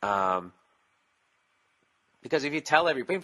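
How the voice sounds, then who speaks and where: Profane, sharp-voiced ranting man. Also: fairly high pitch, sing-song, a little fast, pauses often. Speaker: podcast host. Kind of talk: casual solo podcast monologue.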